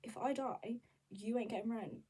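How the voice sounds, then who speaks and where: A young woman vlogging in a candid, rambling, animated casual chat. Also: on the high side, moderate pace, husky, distant mic, poor audio. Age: young adult.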